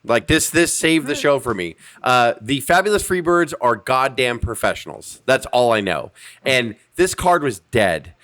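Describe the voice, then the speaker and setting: A man's voice: medium pitch, very animated, measured pace, a bit bright. A man hosting a podcast, reviewing wrestling in casual, profane, emphatic chat. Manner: profane, emphatic, acts out quotes. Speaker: podcast host.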